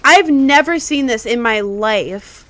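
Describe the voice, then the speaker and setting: A woman streaming live gameplay who comments excitedly and keeps repeating her exclamations. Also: on the high side, takes it slowly, no room sound.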